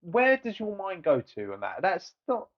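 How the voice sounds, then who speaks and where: A man's voice: high-pitched, huge pitch swings, moderate pace, dry recording. Rambling man, lo-fi sound. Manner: rambling, many fillers and restarts. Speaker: podcast co-host. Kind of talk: casual chat. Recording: dull lo-fi podcast audio.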